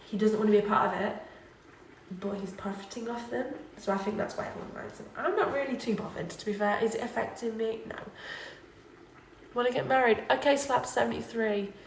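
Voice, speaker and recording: A drunk young English woman livestreams late at night from a student flat kitchen, chatting in a rambling way and repeating herself. Her voice is a little high and fairly quick. The room is echoey, the mic distant with slight hiss or hum, and she drifts off-mic at times.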